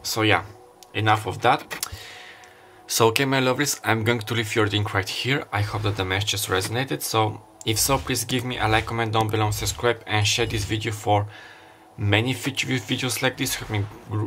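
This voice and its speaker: Low-voiced man giving a rambling tarot reading. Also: fairly even intonation, a little fast, a bit bright, a little hiss or hum. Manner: meandering, thinking aloud with fillers. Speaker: tarot reader. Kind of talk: casual intuitive tarot reading.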